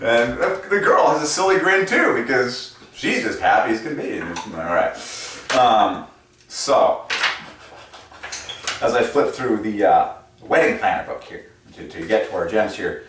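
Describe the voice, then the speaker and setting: A man hosting a casual explanatory monologue in a playful, animated way, often chuckling at his own asides. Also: mid-range voice, unhurried, slight background noise. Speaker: channel host presenting number patterns. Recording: echoey room, mic set at a distance.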